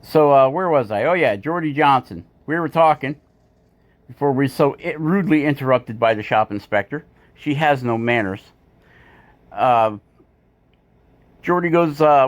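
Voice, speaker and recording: A man's voice: medium pitch, lively intonation, moderate pace, pauses often. A man hosting his woodcarving channel, talking casually in a rambling, self-mocking voiceover with many fillers. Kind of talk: casual voiceover while carving. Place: home woodworking shop.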